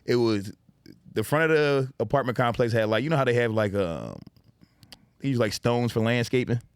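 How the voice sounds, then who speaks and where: A man's voice: medium pitch, normal speed, clean tone, no echo. A man in his thirties co-hosting a casual chat, telling stories with lots of swearing, laughter and voices for the people in them. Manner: animated, swears a lot, laughs often, acts out voices in stories. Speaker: podcast co-host.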